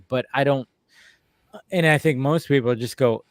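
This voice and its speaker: Host, male, higher-pitched voice, rambling and profane, close dry mic. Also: normal speed, clear, resonant tone, no echo. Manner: rambling, profane, repeats himself. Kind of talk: casual film discussion.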